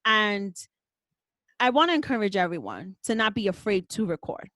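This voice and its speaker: A woman's voice: mid-range voice, expressive, normal speed, pushed and bright, no echo. A woman hosting a podcast, talking in a passionate, emphatic way and swearing now and then. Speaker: podcast host. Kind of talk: casual podcast conversation.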